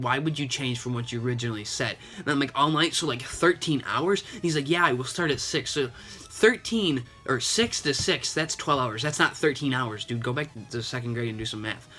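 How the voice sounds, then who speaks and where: A man's voice: mid-range voice, sharp tone. A young man, a gaming YouTuber, casually and sarcastically retelling a chat with a scammer, slightly sick and sniffling. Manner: chatty, retelling a chat with lots of "and he's like". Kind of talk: casual gaming vlog commentary.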